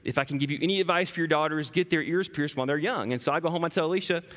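Guy in his 30s preaching, telling funny family stories, forceful bright voice, big echoey hall. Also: a little high, racing. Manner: animated, self-deprecating storyteller, laughs often. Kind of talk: storytelling sermon.

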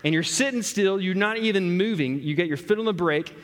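A man's voice: high voice, brisk. A man preaching a sermon, telling a story and talking straight to the congregation. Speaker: pastor. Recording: echoey hall.

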